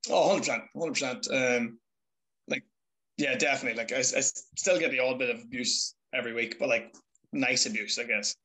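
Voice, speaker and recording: A young Irish man chats as a guest over a video call. He tells stories at a lively clip, swears freely, and slips into quick impressions of the people in them. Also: mid-range voice, poor audio. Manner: lively storytelling, swearing, mimics voices. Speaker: podcast guest. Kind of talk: casual chat.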